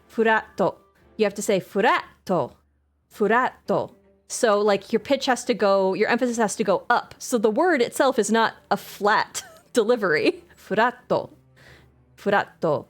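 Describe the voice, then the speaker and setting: Chatty woman streamer, mid-pitched voice. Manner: chatty and rambling, full of filler words and self-corrections; enthusiastic, laughs often. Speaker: live streamer. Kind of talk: casual chat while streaming a game.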